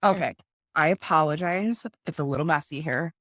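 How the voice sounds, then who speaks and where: A woman's voice: sits low, normal speed, a bit bright, no room sound, studio quality. A young woman and mother of two, a guest in a casual interview, talking earnestly over a video call and acting out her talks with her kids.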